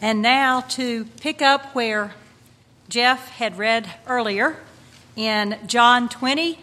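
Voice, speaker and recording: Bright-voiced woman reading scripture slowly. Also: on the high side. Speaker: scripture reader. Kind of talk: reading scripture aloud in church. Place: church sanctuary. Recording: long church reverb.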